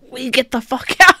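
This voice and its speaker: A woman with a high voice chats casually as a player in a tabletop game. She laughs often and restarts her sentences, and her voice sounds close and dry. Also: bright, forceful tone, dry recording.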